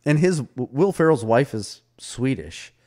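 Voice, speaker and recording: Mellow-voiced man chatting on a podcast. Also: mid-range voice, unhurried. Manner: animated storyteller, retells anecdotes with quoted voices; laughs often. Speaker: podcast co-host. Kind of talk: casual movie review chat.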